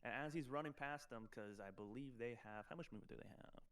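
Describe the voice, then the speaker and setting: Man, game master, mid-pitched voice, halting explanations, slightly distant mic. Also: fairly bright tone, clean tone. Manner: halting, explanatory, many fillers and restarts. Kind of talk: running a tabletop game over voice chat.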